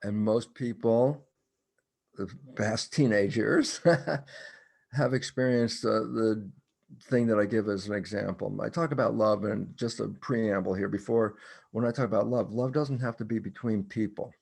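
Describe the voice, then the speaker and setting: Older male guest on an interview podcast, gravelly and husky low voice, animated storyteller who acts out his dialogues. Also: unhurried. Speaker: guest, cell biologist. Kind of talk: conversational explanation in a podcast interview.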